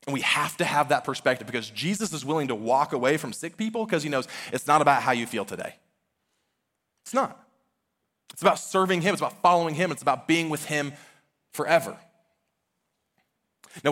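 A man's voice: a little high, big pitch swings, quick pace, a bit bright. A man in his thirties preaching a sermon, earnest and conversational, often using casual fillers. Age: 30s. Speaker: pastor.

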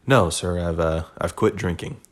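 A man's voice: sits low, moderate pace, pitched below the performer's own voice. A man putting on a washed-up male baseball coach with a dry, wry delivery.

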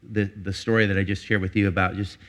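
A middle-aged man preaching a sermon as pastor, earnest and confessional, climbing to emphatic peaks and dropping low and personal. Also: flat delivery, fast talker, a bit bright.

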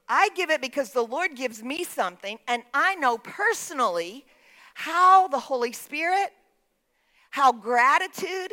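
A woman's voice: high voice, sharp tone. A woman pastor preaching a sermon in a church, emphatic, calling out to the congregation for responses. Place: church sanctuary.

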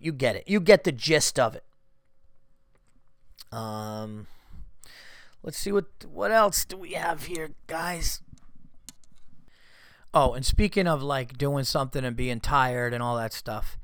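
A man's voice: mid-range voice, unhurried, long pauses, a bit bright, dry recording, studio quality. A man hosting a podcast and ranting in a casual, profane comedic monologue while fighting a cold. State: has a cold. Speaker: podcast host.

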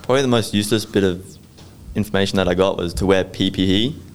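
A man's voice: low-pitched, fast talker. A teenage man, an IT student giving short, hesitant answers on a podcast. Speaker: IT student guest.

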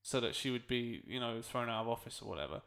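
A man's voice: mid-range voice, lively intonation, quick pace, vocal fry, a bit bright. Rambling man on a casual podcast. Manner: rambling, self-correcting, laughs often. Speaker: podcast co-host. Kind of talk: casual chat.

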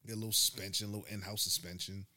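A man hosting a casual chat, laid-back, often agreeing and dropping low when reflecting. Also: level tone, rapid-fire, bright, forceful tone. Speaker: host.

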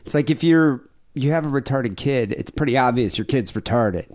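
A man's voice: medium pitch, moderate pace. A man hosting a podcast, chatting casually and sounding incredulous. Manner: animated, incredulous. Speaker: podcast host. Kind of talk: casual chat.

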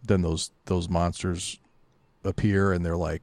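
A man's voice: low-pitched, level tone, measured pace, a little mellow, no echo. A man co-hosting a podcast who chimes in and agrees in a laid-back casual chat. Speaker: podcast co-host. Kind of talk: casual comic review chat.

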